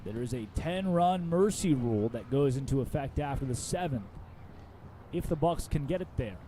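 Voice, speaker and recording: A man from Arkansas with an Arkansas accent, calling live baseball play-by-play and bantering between pitches. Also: lively intonation, moderate pace, dark tone, a little hiss or hum. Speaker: play-by-play announcer.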